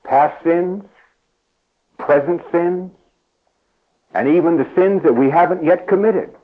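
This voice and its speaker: A man preaching an evening sermon to a seated congregation. He speaks earnestly, slows and rises on key phrases, and turns soft and slow when he leads a prayer. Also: fairly high pitch, phone-quality sound. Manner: earnest, stresses key phrases by slowing and rising. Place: church service before a seated congregation.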